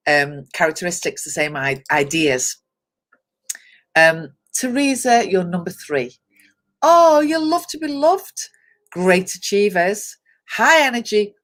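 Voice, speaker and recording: A woman's voice: on the low side, a bit bright. A woman hosting a live online chat show, reading out traits and talking to viewers by name with frequent laughter. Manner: chatty, reads lists aloud, talks to viewers by name; laughs often, explains step by step. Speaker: host.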